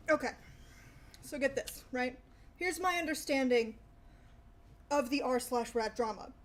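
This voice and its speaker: A woman's voice: sits high, normal speed, a little hiss or hum. A young woman chatting casually with her stream viewers, rambling and swearing freely. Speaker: livestreamer.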